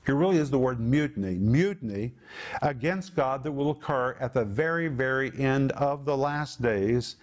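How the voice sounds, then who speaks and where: A man in his sixties delivers a broadcast Bible lesson in a mid-range voice. He is emphatic and deliberate, drawing out and repeating key words for stress. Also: mid-range voice, animated. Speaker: Bible teacher. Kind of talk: televised Bible teaching.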